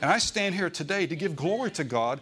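A man's voice: on the high side, lively intonation, brisk, a bit bright. A man preaching a sermon to his church in an easygoing style, often asking the congregation whether they follow him. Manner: conversational preaching, asks the congregation for agreement. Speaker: pastor.

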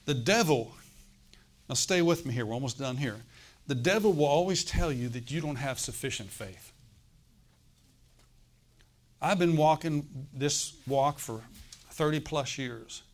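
A middle-aged man preaching a sermon, telling a personal story with loud bursts and acted-out laughter. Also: on the high side, unhurried, long pauses.

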